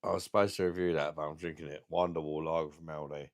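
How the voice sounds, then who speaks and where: A man's voice: very deep voice, steady tone, quick pace. A man reviewing beers on a live stream, chatting crudely to viewers in a rambling, hesitant way.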